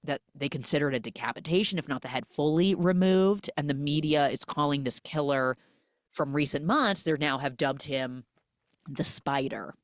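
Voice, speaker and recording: Low-voiced woman recapping with animated storytelling. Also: normal speed, no room sound, studio quality. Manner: animated storytelling, acts out quoted lines. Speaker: podcast host. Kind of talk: casual recap chat.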